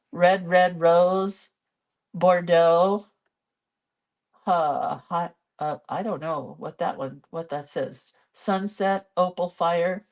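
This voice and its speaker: A woman hosting a casual live drawing tutorial from her craft desk, filmed on a phone. She chats and thinks aloud as she draws. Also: fairly low pitch. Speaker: host and doodling teacher. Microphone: phone camera.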